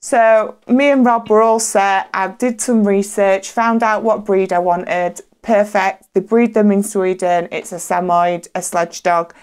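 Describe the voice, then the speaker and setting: A woman's voice: medium pitch, steady tone, a little slow, hardly any pauses, a little mellow, clean tone. Candid Yorkshire woman telling a story. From England. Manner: candid, storytelling, swears casually. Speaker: podcast co-host. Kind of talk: casual chat.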